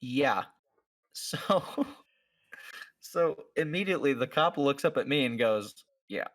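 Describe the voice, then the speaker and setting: A man's voice: mid-range voice, expressive, slow pace, fairly bright tone. A man on a podcast telling a story in casual chat, acting out what each person said, with many fillers. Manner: acts out the people in his story, many fillers. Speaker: podcast host.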